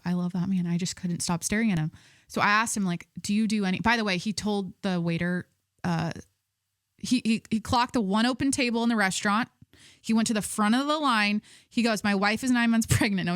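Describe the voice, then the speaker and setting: A woman's voice: medium pitch, no echo, studio quality. A young adult woman hosting a podcast in casual, rambling chat, full of "like" and restarts. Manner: rambling, filler-heavy, self-interrupting. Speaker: podcast host.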